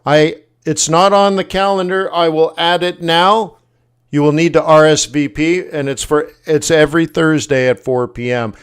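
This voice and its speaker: A Canadian man hosts a casual trading livestream, his voice clear and smooth and sitting a little high. He rambles and jokes, corrects himself mid-sentence and keeps the tone relaxed and chatty. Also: moderate pace. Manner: rambling, jokey, self-correcting. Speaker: forex trading educator and stream host.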